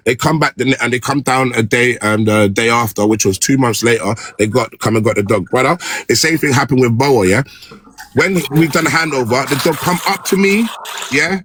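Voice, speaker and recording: Husky slangy man. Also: medium pitch, fairly bright tone, no echo, clean studio sound. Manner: rapid slangy talk, frequent restarts and swearing. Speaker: dog trainer and content creator. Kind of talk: casual live-stream chat.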